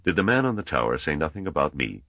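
Man doing a grave old professor guy, real deep and slow, kinda husky. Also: big pitch swings, no room sound, dull audio, exaggerated voice. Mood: probing. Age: older. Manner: grave, measured. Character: old male scholar, stern and commanding.

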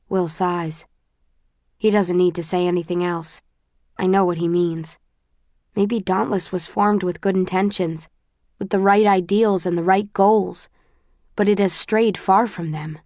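A woman reads a first-person novel aloud in a measured, introspective way. Her voice sits on the lower side for a woman. The sound is close and dry, with no room echo. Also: steady tone, darkish tone. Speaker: audiobook narrator.

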